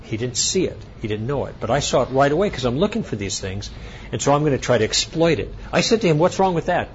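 A man giving a conference lecture, telling an anecdote in an animated storytelling way. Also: mid-range voice, fast, dull audio, a little hiss or hum. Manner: animated storytelling, acting out both sides of a dialogue. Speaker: speaker at a conference.

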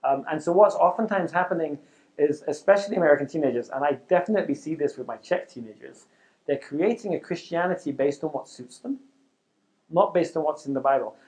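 A middle-aged youth ministry leader speaks to youth workers before a live audience, his talk animated and conversational. His voice sits fairly high and his delivery is brisk.

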